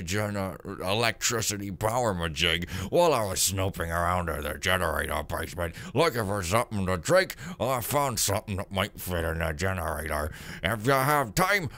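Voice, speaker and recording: A man with a fairly low, sharp-toned voice rambles casually while playing a stealth game, tossing out jokey asides to himself. He comes across as a playful let's play gamer.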